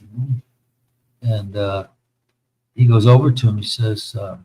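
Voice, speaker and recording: A man's voice: medium pitch, a little slow, long pauses, a little mellow, slightly rough, low-quality recording. A middle-aged man from the United States, hosting a casual chat and telling long, profane army stories with many fillers. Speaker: host.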